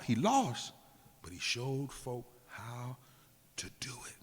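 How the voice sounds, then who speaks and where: Preaching man in an echoing hall. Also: breathy edge. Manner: emphatic preaching cadence, dropping low and slow for weight. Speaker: preacher and activist speaker. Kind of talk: preached political speech. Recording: long hall reverb.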